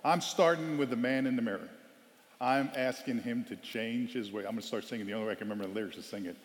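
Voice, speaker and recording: A man giving a storytelling sermon as a guest speaker, animated and loudly acting out quoted lines. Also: mid-range voice, fast. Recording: long hall reverb.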